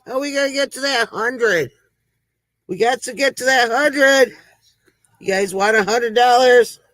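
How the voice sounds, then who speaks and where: On a rough recording with no echo, a woman with a slightly high, bright voice speaks a little slowly as she runs a relaxed livestream. She welcomes viewers by name and cracks corny jokes.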